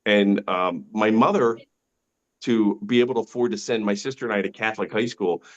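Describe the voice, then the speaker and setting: A man's voice: lowish voice, brisk, muffled recording. A middle-aged man doing a stand-up set from his dining room over a video call, chatty and punchy, with frequent stammering restarts. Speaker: stand-up comedian.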